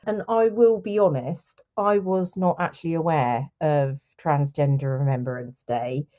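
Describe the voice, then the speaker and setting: A woman's voice: fairly low pitch, dark tone. A woman, a podcast co-host, presenting a news story in an earnest way. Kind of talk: casual chat and reading news.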